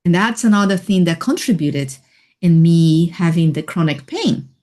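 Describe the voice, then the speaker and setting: A woman guest on a radio interview, telling a personal story in a soft, reflective way with light laughs. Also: fairly low pitch, animated, moderate pace. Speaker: interview guest, healing coach.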